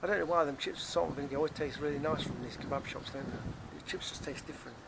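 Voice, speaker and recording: A man's voice: fairly high pitch, racing, vocal fry, noisy background. A man with a Nottingham accent, talking casually and rambling to camera as a vlogger, repeating himself as he goes. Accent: Nottingham English. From England. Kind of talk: casual rambling vlog monologue. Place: outdoors near a car park.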